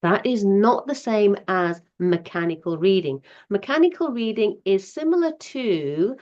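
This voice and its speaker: A woman's voice: mid-range voice, expressive, a little slow, darkish tone, lo-fi sound. Patient woman explaining like a teacher. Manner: patient, explains step by step with examples, often says okay. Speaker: teacher giving parents advice. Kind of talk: casual explanatory talk to camera.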